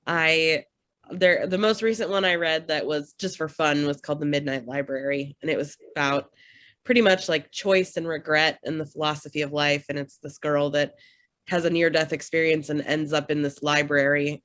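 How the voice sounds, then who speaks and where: A woman's voice: sits low, steady tone, moderate pace, a bit bright, no echo. Woman, podcast guest, friendly, storytelling, dry sound, casual chat. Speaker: podcast guest, association director.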